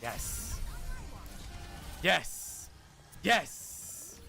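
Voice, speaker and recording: Excitable, bright-voiced male gaming streamer. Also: a little high, very slow, creaky, soft background music. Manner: excitable, joking, swearing, talks to chat. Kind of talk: casual gaming livestream chat.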